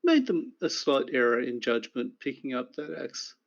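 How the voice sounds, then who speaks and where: A man narrating a recap of the last tabletop game session as game master, in a measured storytelling way. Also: medium pitch, sing-song, vocal fry, muffled recording.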